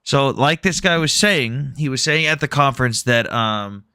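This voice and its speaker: A man hosts a heated casual debate, blunt and full of profanity. His voice is bright and forward, and it sounds dry and close, with no room around it. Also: medium pitch, animated, moderate pace, clean tone, dry recording. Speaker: host.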